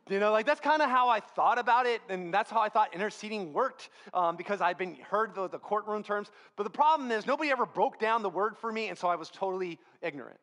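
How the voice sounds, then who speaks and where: A male pastor preaching a sermon in a church, talking in a relaxed, conversational way. He tells stories against himself with easy humor. His voice sits high for a man. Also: fast. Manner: conversational, humorous, self-deprecating storytelling.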